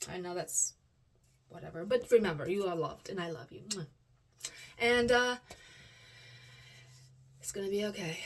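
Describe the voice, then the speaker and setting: Woman talking to her viewers, goes quiet and murmury then loud and giddy, faint hiss behind. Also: mid-range voice. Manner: swings between hushed murmurs and loud excited bursts; laughs often, talks to viewers directly. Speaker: vlogger. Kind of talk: personal vlog with affirmations.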